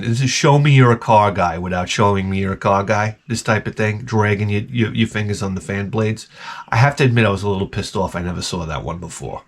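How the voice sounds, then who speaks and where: A middle-aged man ranting sarcastically through a casual story, mimicking the people in it. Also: on the low side. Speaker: vlogger.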